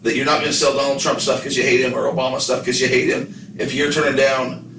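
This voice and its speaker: A man's voice: mid-range voice, flat delivery, quick pace, fairly bright tone, reverberant, distant mic, a little hiss or hum, rough recording. A man co-hosting a podcast, chatting casually and telling joking, rambling stories. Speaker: podcast co-host. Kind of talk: casual chat.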